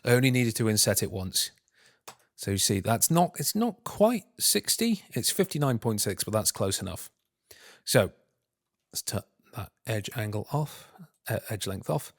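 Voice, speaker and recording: A man talking himself through a software tutorial, muttering and humming filler sounds between steps and calling himself an idiot. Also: fairly low pitch, sing-song, measured pace, no room sound. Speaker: tutorial host. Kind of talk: screen-recorded software tutorial.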